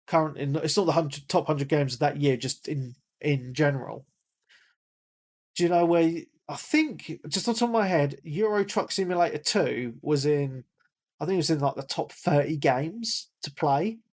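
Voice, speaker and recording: A man co-hosting a gaming podcast in casual chat, rambling and repeating himself, hoarse as he loses his voice. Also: on the high side, normal speed, a little mellow. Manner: rambling, repeats words, calls himself a big nerd. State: losing his voice, coughing. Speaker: podcast co-host.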